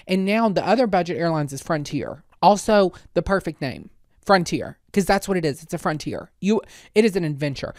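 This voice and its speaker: A woman's voice: lowish voice, a little mellow, no echo. Sassy woman ranting in a dry room. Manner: sassy, exaggerated rants. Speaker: podcast host. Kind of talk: casual comedic monologue.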